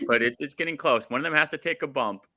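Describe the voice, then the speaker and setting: A man co-hosting a casual wrestling chat, slipping into excitable, pleading rants. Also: on the high side, quick pace. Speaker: co-host.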